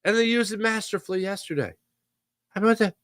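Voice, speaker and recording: Excited bright-voiced man talking sports. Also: high voice, quick pace, dry recording, studio quality. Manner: excited, rambling, fan-like. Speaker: sports podcast host. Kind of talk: casual sports commentary. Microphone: podcast mic.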